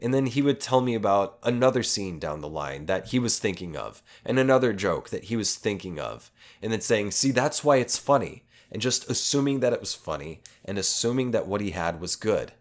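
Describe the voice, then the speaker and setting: Give me a man with a somewhat low voice, telling a rambling, profane story to his listeners. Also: big pitch swings, fairly quick, few pauses. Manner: rambling, heavy swearing, self-aware asides. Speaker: podcast host.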